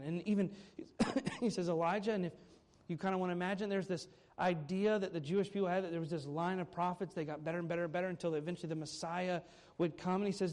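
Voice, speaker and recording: A man preaching a sermon as pastor, swinging between loud emphasis and quiet asides, and repeating words when he gets excited. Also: high-pitched, fairly quick.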